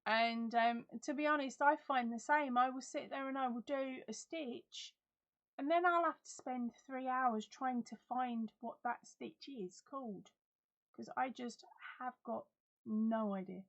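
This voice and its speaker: Livestream host, middle-aged woman, rambling and giggly, somewhat high-pitched, lo-fi webcam audio. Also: measured pace. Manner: chatty, giggly, reads out viewer comments. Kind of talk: casual live chat.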